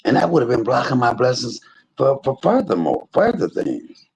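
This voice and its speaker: A man's voice: mid-range voice, huge pitch swings, normal speed, vocal fry, darkish tone, a little hiss or hum, rough recording. A man streaming live to his viewers, telling a story in an emphatic, preachy way, full of religious exclamations. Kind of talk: casual spoken testimony to a live chat.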